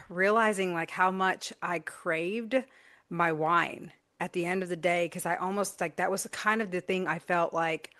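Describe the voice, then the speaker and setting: A woman's voice: on the low side, fairly even intonation, measured pace, fairly bright tone. A woman who hosts a podcast and coaches moms, speaking in an affirming, reflective way in a casual panel chat.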